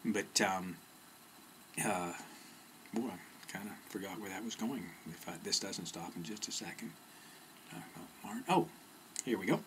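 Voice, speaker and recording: A man's voice: low-pitched, normal speed, pauses often. A middle-aged man telling a story in a casual, rambling way, full of fillers and restarts. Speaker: personal development speaker. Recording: faint background noise.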